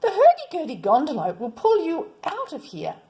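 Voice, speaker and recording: A woman voicing a group of excited young children in a read-aloud storybook, calling out together. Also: high-pitched, normal speed, voice pushed up, exaggerated voice. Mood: cheering.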